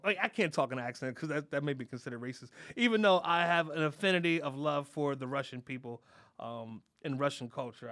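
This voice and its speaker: A man's voice: a little high, lively intonation, fast, a bit bright, dry recording. A man hosting a comedy podcast, delivering a rambling, mock-indignant monologue full of fillers from close on a studio mic. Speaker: podcast host.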